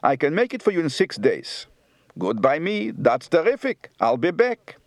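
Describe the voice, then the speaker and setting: A man's voice: a little high, very animated, normal speed, no echo, clean studio sound, voice pushed up. A man putting on a Polish Yiddish accent as a complaining older man, with strongly rising and falling intonation for an accent demonstration. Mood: kvetching.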